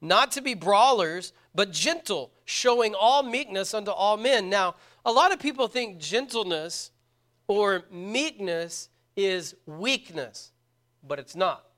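A man's voice: high voice, expressive, takes it slowly, a bit bright. A man preaching a sermon to a congregation, earnest and emphatic, often repeating words for stress. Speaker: pastor.

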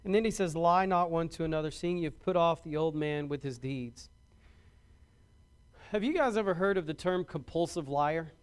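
A man's voice: on the high side, normal speed, clean tone. A man preaching a sermon to his congregation in a conversational way, often restarting and repeating words and asking the congregation questions. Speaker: pastor.

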